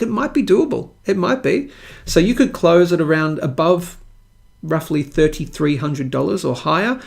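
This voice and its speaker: A man's voice: on the high side, vocal fry. An Australian man hosting a live stream, chatting with viewers in a playful, rambling way and joking at himself. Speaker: live-stream show host.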